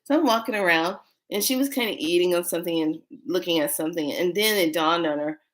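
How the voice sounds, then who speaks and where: A woman who reads oracle cards, telling a rambling, excitable story in a casual vlog. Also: on the low side, quick pace. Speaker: oracle card reader.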